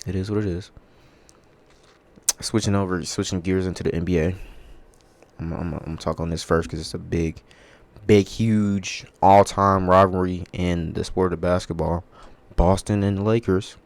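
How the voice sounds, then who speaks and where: Young man, sports podcast host, low voice, wildly lively pitch, profane, casual rant. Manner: animated, profane, swings between loud outbursts and muttering. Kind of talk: casual sports talk monologue.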